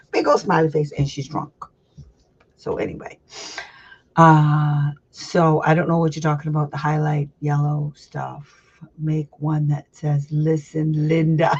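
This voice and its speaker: A woman's voice: sits low, darkish tone, slightly rough. Chatty, blunt woman on a dull lo-fi recording. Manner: chatty and rambling, laughs often, blunt and salty. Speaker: special education advocate host. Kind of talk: casual livestream teaching chat. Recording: slightly dull lo-fi sound.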